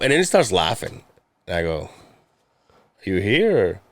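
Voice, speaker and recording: A man's voice: on the low side, measured pace, long pauses, no echo. Profane rambling man telling a story. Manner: rambling, profane, quotes people in animated voices. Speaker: podcast guest telling a story. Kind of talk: casual storytelling chat.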